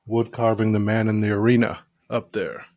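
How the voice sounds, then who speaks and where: A man's voice: fairly low pitch, flat delivery, normal speed, dry recording. A man hosting an interview, speaking encouragingly to his guest before asking a question. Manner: warm and encouraging toward the guest. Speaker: podcast host. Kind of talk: interview conversation.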